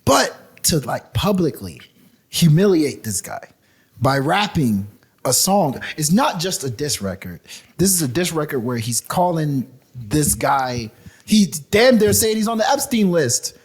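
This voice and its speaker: A man co-hosts a podcast in casual chat, launching into animated, emphatic rants and laughing as he talks. His voice is fairly high, husky, and a little slow.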